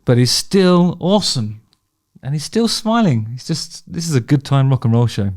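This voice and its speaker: A man's voice: on the high side, sing-song, normal speed, darkish tone. A man giving casual, opinionated commentary while reacting to concert footage, swearing freely and restarting his sentences. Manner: chatty, swears freely, frequent restarts, laughs along.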